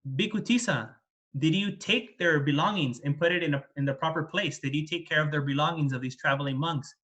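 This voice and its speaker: A man voicing a calm, wise male teacher who gently corrects a proud student. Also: a little high, brisk, lightly acted. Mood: questioning.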